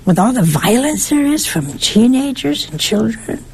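A woman, older, preaching a sermon with lively, teasing rhetorical questions. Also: a little high, measured pace, a little hiss or hum.

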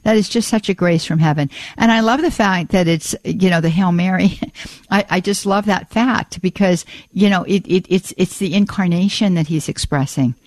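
A woman's voice: on the low side, normal speed, no room sound. A woman hosting a Catholic call-in radio show, effusive and full of praise, with frequent restarts and repeated words.

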